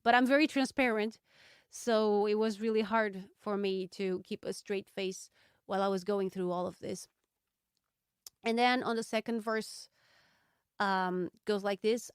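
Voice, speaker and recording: A woman hosting a solo podcast, reflecting candidly and thoughtfully, with frequent ums and pauses. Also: mid-range voice, clean tone, no room sound, studio quality. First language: Portuguese. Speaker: podcast host.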